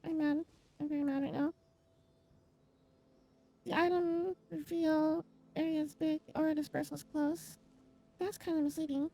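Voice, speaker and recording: A woman live-streaming a game, chatting casually and complaining out loud about it. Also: high voice, little pitch movement, a little slow, pauses often. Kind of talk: casual live-stream chat while gaming.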